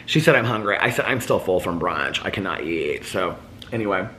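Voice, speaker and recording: A man's voice: deep voice, lively intonation, a little fast, fairly bright tone, a little hiss or hum. A man telling a casual daily vlog story, chatty and laughing often, acting out the voices of people he quotes. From United States. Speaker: vlogger.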